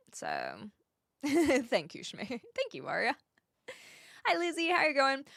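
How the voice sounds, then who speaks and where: Lively, bright-voiced young woman streamer. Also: medium pitch, no room sound, clean studio sound. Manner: chatty, giggly, rambling with frequent fillers. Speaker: live streamer. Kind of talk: casual live-stream chat with viewers.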